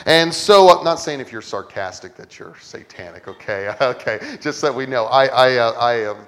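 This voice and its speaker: A man's voice: mid-range voice, moderate pace, fairly bright tone. A man preaching a sermon in a conversational teaching style. He keeps checking in with his listeners and puts the verses into everyday words. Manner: conversational Bible teaching, asks "okay?" often and paraphrases verses.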